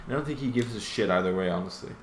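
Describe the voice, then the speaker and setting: A man's voice: lowish voice, very fast, a little hiss or hum. A man co-hosting a casual podcast chat, blunt and joking, with some swearing. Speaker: podcast co-host.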